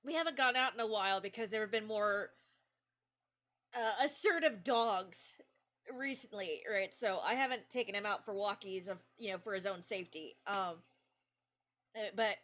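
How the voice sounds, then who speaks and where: A woman's voice: medium pitch, normal speed, fairly bright tone. A young woman streamer chatting casually, giggling often and rambling through her stories. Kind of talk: casual chat.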